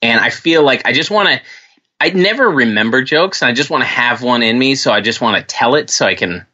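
A man's voice: mid-range voice, fairly quick, muffled recording. A man co-hosting a podcast, telling stories in casual chat and acting out the voices of the people in them. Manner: animated, swears, acts out voices in stories. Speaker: podcast co-host.

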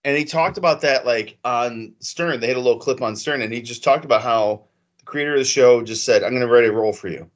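Animated, swearing male podcast co-host. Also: medium pitch, quick pace, dull audio. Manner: animated storyteller, swears, acts out quotes. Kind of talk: casual podcast chat.

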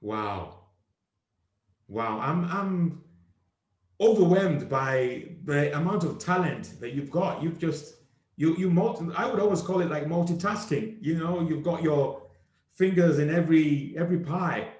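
A man's voice: on the high side, lively intonation, a little slow, darkish tone. A man hosting a casual interview who praises his guest effusively. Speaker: interviewer host. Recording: echoey room.

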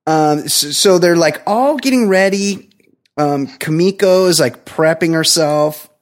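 A man's voice: a little high, a little slow. Rambling, profane man recapping a movie. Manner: profane, rambling, does mock voices of characters. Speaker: podcast co-host.

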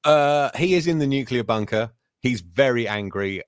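A man's voice: mid-range voice, lively intonation, normal speed, clean tone, dry recording, studio quality. A man, co-hosting a casual podcast chat, sardonic and swearing, often mimicking people in quoted bits. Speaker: podcast co-host.

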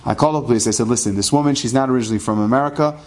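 A middle-aged rabbi telling a personal story in a lively way, sprinkling Hebrew terms into his English. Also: mid-range voice, rapid-fire.

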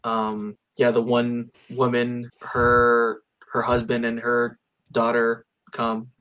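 A man's voice: medium pitch, completely flat delivery, takes it slowly, fairly bright tone. A man in casual conversation about a film, rambling with lots of fillers and restarts. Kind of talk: casual movie discussion.

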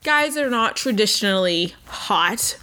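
A young woman in her twenties hosts her own podcast, rambling through stories in a chatty, jokey way and swearing freely. Her voice is bright and sharp, and her pitch swings all over the place as she talks. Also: measured pace. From United States. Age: 20s. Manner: chatty and animated, swearing and joking. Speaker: podcast host. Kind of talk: casual solo podcast chat.

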